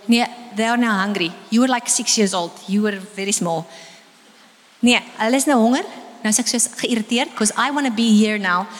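A middle-aged South African woman preaching a sermon, telling lively stories and slipping into Afrikaans. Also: fairly high pitch, fairly quick, big-room sound. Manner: lively storytelling, switching into Afrikaans. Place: church hall.

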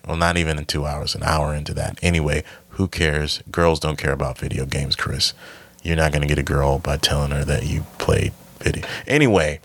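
Low-voiced rambling male podcast host. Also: a bit bright, dry recording. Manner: rambling, self-correcting, filler-heavy. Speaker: podcast host and stand-up comic. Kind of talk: casual podcast chat.

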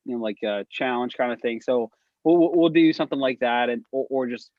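A man's voice: mid-range voice, fairly quick, no room sound, narrow, tinny audio. A young man co-hosting a casual chat among friends, rambling through stories with many fillers and restarts. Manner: rambling, heavy filler words. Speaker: podcast co-host.

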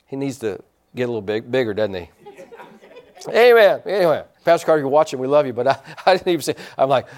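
Lively, animated male pastor preaching. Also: mid-range voice, quick pace. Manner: folksy, rambling, with asides to the congregation. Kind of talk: sermon. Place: church sanctuary with a congregation.

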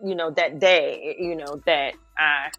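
A woman co-hosting a casual chat, telling a personal story in a halting way. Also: sits low, steady tone, fairly bright tone, dull audio, faint music behind. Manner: halting, with many restarts and fillers while telling a story. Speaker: podcast co-host.

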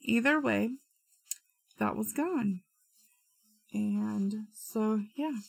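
A woman's voice: mid-range voice, very slow, gravelly, husky, no room sound, soft background music. A woman from Utah casually telling a true crime story with chatty asides and slang.

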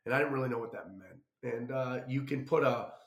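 A man spins a loose, chatty travel story, slipping into little acted-out quotes as he goes. His voice has a gravelly rasp at mid pitch. The room around him rings with a noticeable echo. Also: fairly quick. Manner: rambling, animated anecdote with acted-out quotes. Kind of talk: casual storytelling. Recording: roomy echo.

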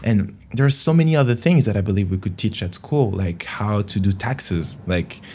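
Low, mellow man with a French accent. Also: lively intonation, normal speed, slightly rough. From France. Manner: rambling and candid, heavy with "like". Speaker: podcast host. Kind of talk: casual podcast monologue.

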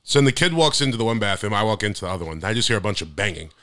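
A young man co-hosting a podcast, telling stories in a casual, animated way that gets loud and high when he is worked up. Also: racing, no echo, clean studio sound. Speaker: podcast co-host. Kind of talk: casual chat.

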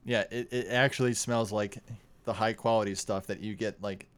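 A man with a Minnesotan accent co-hosting a casual chat, relaxed and thoughtful, with many fillers. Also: fairly low pitch, moderate pace. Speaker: co-host. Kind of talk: casual chat tasting sodas.

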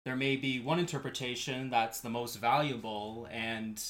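A man co-hosting a casual podcast, explaining ideas in a measured way and often pausing on fillers while he searches for words. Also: medium pitch, fairly even intonation, over a noisy crowd. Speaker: podcast co-host.

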